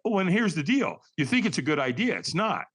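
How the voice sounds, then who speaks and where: A man's voice: fairly high pitch, sing-song, brisk, fairly bright tone. A man on a podcast telling a story, acting out quotes in shifting voices and calling the host Doc. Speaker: podcast guest, firewalking instructor. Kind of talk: animated storytelling.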